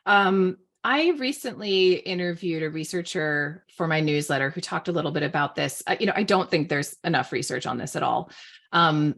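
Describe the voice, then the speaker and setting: A woman's voice: deep voice, animated, moderate pace, a bit bright. A middle-aged woman, a parenting author, talking casually with lots of "like" and "you know" fillers. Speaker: author and guest expert on parenting. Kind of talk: casual online panel talk.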